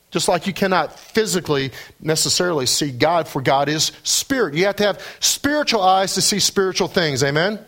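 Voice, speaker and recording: A man delivering a sermon in a somewhat high voice. He preaches emphatically, his pitch leaping up on the key points, and he tends to repeat words as he starts a new thought. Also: fairly bright tone. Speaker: pastor.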